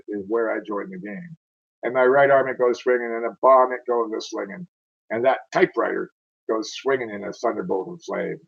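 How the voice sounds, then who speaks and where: A man's voice: mid-range voice, vocal fry, muffled recording, voice pushed up, natural voice. A man reading as a wounded soldier recalling battle. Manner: rhythmic verse recitation. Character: wounded male soldier telling his war story.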